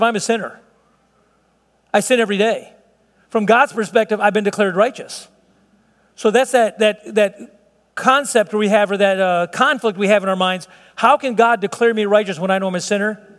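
A man's voice: high-pitched, normal speed, a bit bright, in a large hall. A middle-aged man preaching a sermon in an earnest, conversational way, often restarting his sentences. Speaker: pastor.

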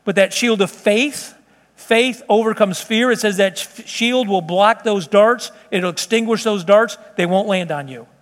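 A man's voice: sits high, unhurried. A man preaching a sermon from the pulpit, driving his points home with emphatic repetition. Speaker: pastor. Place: church sanctuary. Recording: long hall reverb.

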